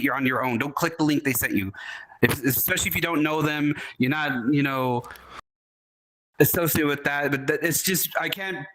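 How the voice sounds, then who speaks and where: A man's voice: on the high side, background noise. A man speaking casually on a convention panel about internet security, emphatic and rambling, with frequent restarts.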